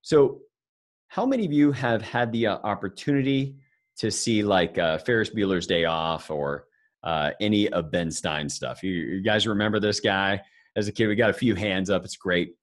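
At a live financial seminar, a male speaker addresses the audience in a lowish voice at a moderate pace. His delivery is conversational, and he trades jokes with the crowd.

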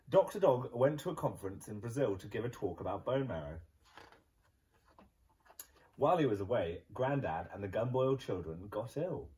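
Lively male teacher reading a storybook. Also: medium pitch, recorded from a distance, poor audio. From England. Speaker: primary school teacher. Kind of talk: reading a children's picture book aloud.

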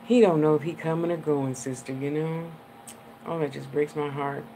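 Low-voiced chatty woman medium. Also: normal speed, warm tone, a little hiss or hum. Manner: chatty and affectionate, rambling, laughs often. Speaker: clairvoyant medium giving live readings. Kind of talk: live-streamed psychic reading.

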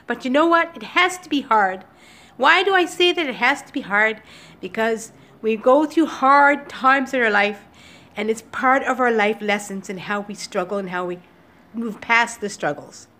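A woman talking to her viewers in a casual daily vlog from home, emotional and teary, speaking haltingly with many restarts into a computer webcam. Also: fairly high pitch, sharp tone. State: upset and teary. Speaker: vlogger. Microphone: computer webcam recording.

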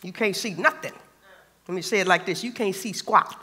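A man's voice: high voice, normal speed, bright, forceful tone, slightly rough, in a large hall. A man pastor preaching a sermon, emphatic and colloquial, repeating phrases for stress.

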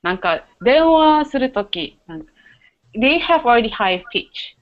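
A woman's voice: on the high side, sing-song, moderate pace. A woman hosting a casual online chat, switching between English and Japanese. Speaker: host. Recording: dull lo-fi sound.

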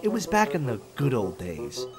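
A man voicing a small, gentle old male tram engine who speaks softly, wistful and apologetic. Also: medium pitch, huge pitch swings, moderate pace, over loud music.

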